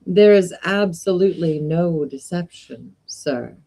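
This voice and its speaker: A woman reading a story aloud, voicing a tall, uncanny male magic shopkeeper who speaks in a deliberate, politely insistent way. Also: fairly low pitch, dark tone. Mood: courteous.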